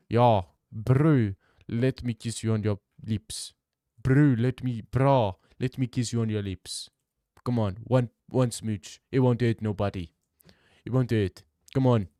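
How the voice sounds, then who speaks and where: A man's voice: mid-range voice, mellow, no echo, studio quality, lightly acted. A man voicing a pushy young man who keeps coaxing another man for a kiss, in a wheedling tone.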